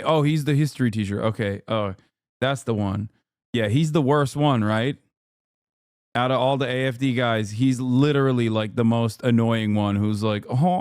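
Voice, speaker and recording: A man's voice: mid-range voice, a little mellow, smooth, no echo, studio quality. Sarcastic, swearing male streamer. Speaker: streamer reacting to a news report. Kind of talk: casual live-stream commentary.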